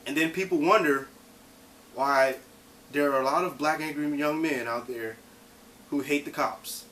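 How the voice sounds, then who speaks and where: A man's voice: a little high, measured pace, fairly bright tone, slight background noise, low-quality recording. A man presenting a vlog, commenting in an indignant, impassioned way and swearing now and then. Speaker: vlogger.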